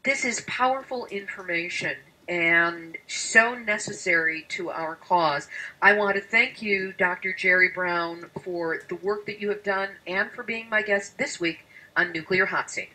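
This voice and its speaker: A woman's voice: lowish voice, a little slow, sharp tone. A woman hosting a radio-style podcast, earnest and emphatic as she questions and thanks her guest. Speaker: podcast host.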